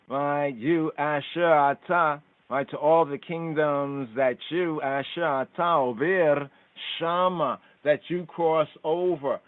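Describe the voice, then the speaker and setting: Male call-in host teaching scripture: unhurried, repeats each Hebrew term aloud, thin phone-line sound. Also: on the high side, no echo. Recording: tinny phone line, dry.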